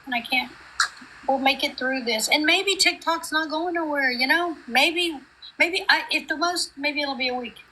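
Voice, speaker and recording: Bright-voiced woman, rambling and heartfelt. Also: high-pitched, moderate pace, a little hiss or hum, rough recording. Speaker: guest on a group live stream. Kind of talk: emotional casual chat.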